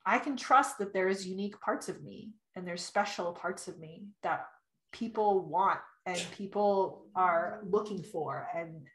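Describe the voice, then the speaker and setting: A woman reading human design charts, talking as a podcast guest. She is animated and chatty, acts out little quotes and laughs often. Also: fairly low pitch, a little slow. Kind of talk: casual podcast conversation. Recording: roomy echo.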